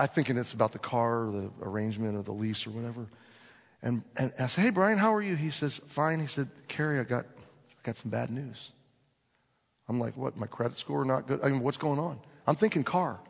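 Man in a pulpit, husky gravel in the voice, telling a story with lots of acted dialogue, long hall echo. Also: mid-range voice. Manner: animated storyteller acting out dialogue. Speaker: pastor. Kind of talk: sermon storytelling. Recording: long reverb of a large hall.

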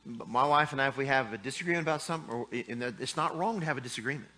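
A man's voice: mid-range voice, rapid-fire, bright, forceful tone. A middle-aged man preaching a sermon in a folksy, joking way, acting out little scenes from married life. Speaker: pastor.

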